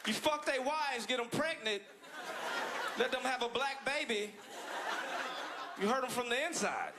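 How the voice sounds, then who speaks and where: Animated stand-up comic over crowd laughter. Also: male voice, a little slow, heavy background noise. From United States. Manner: animated, high-pitched act-outs, laughing through lines. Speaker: stand-up comedian. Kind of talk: stand-up set. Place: comedy club stage with live audience. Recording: loud crowd laughter in club.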